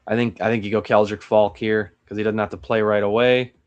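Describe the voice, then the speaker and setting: A man's voice: lowish voice, little pitch movement, a little fast, lo-fi sound. A young man hosting a solo mock draft breakdown, thinking aloud with hesitant restarts. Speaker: sports channel host.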